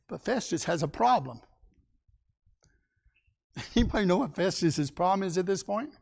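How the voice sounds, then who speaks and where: Gravelly man teaching a Bible class. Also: sits high, animated, normal speed, pauses often. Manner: folksy, asks the class questions.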